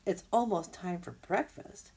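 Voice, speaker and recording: A woman plays a crafty storybook fox who growls and wheedles, always thinking of his next meal. The voice carries a faint husky rasp. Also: lowish voice, unhurried, darkish tone. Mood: sly. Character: sly, hungry male fox.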